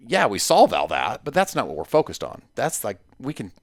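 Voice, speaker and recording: A man's voice: medium pitch, wildly swooping pitch, brisk, dry recording, clean studio sound. A man talking as a podcast guest in casual conversation, emphatic and story-driven, with punchy repetitions.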